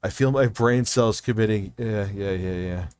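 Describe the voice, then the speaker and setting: Loud middle-aged male streamer; casual swearing commentary, dead-dry desk mic. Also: lowish voice, a little slow, clean tone, dry recording. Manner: loud, animated, swearing freely. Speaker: streamer reacting to videos.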